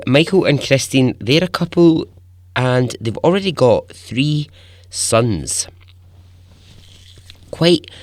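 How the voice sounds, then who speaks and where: A man's voice: lowish voice, no room sound. A man hosting a podcast, telling a story in a chatty, informal way, chuckling often and swearing casually. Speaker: podcast host.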